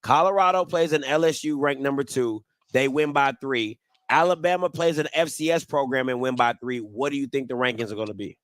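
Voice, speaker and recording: A man's voice: medium pitch, fairly quick, no echo. A man hosting a sports call-in show, teasing his co-host and taking callers. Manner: laughs often, teasing, lively. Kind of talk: sports radio call-in banter.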